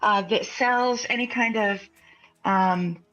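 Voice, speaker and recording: A woman's voice: mid-range voice, slow, fairly bright tone, lo-fi sound. A woman playing a fantasy tabletop game, talking in a playful, mischievous way. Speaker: player.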